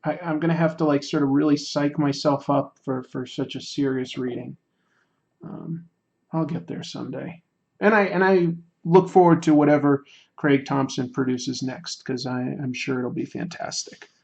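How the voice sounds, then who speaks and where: A man's voice: mid-range voice, steady tone, normal speed, creaky, a little mellow. An American man chatting on a livestream while he draws, joking and mocking himself, rambling with restarts. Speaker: streamer drawing while chatting. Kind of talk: casual livestream chat. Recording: dull lo-fi stream audio.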